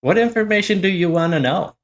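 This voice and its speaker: A man joking around as a tabletop player, with a higher voice that leaps all over. He teases the others in casual banter. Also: expressive, fairly quick, a little hiss or hum. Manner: joking, teasing.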